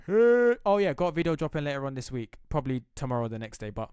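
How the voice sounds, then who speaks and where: A man's voice: a little high, big pitch swings, quick pace, darkish tone, smooth, dry recording, studio quality. A young British man giving a casual, slangy fight breakdown as a reaction vlogger, swearing freely.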